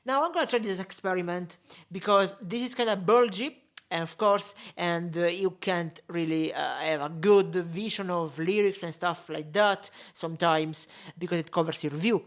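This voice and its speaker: A woman's voice: on the low side, moderate pace. A woman casually demonstrating microphone gear at her home setup. She explains as she goes and uses plenty of fillers. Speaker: streamer testing microphone gear. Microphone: desktop condenser microphone.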